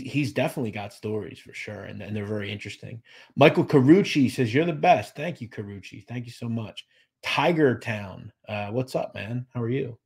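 Hosting a live podcast show, a man with a mid-range, slightly rough voice and vocal fry reads out live chat comments and thanks viewers by name. The casual chat is peppered with fillers and restarts.

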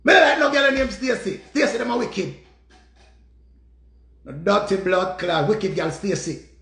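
A man with a Jamaican accent telling a story in an animated, profane rant and repeating his phrases. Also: sits high, a little slow, vocal fry, roomy sound. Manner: repetitive, profane, dramatic retelling. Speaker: vlogger.

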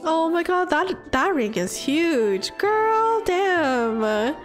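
High-voiced excitable woman gamer. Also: takes it slowly, soft background music. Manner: excitable and gushing, with squeals and laughs. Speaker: gaming video creator. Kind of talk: casual let's-play commentary.

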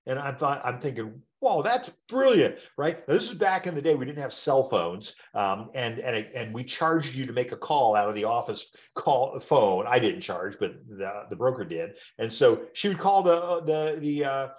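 A man's voice: medium pitch, expressive, normal speed, hardly any pauses, lo-fi sound. A man in his sixties giving an informal training webinar, talking in a rambling, conversational way and checking in with tag questions. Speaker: webinar presenter.

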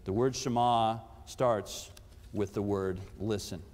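A man's voice: fairly low pitch, fairly even intonation, slow, a little mellow. A man, a pastor, preaching a sermon and putting questions to his congregation, his voice rising for emphasis. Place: church sanctuary. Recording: long church hall reverb.

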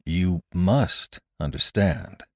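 A man's voice: sits low, sing-song, moderate pace, no room sound, studio quality. A man voicing a stern, blunt surgeon. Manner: clipped, blunt and emphatic. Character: stern middle-aged male surgeon, blunt and severe.

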